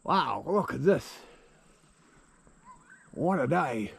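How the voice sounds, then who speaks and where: Lively, chatty male travel vlogger. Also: on the high side, extremely slow, gravelly, husky. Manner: enthusiastic, chatty, talks to viewers. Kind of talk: casual walking vlog. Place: outdoors among rocks.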